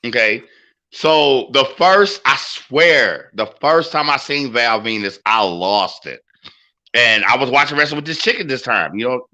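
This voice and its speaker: A man's voice: mid-range voice, unhurried. A man co-hosting a casual wrestling podcast, telling stories with lots of energy and frequent swearing. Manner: animated storytelling, swears freely. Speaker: podcast co-host.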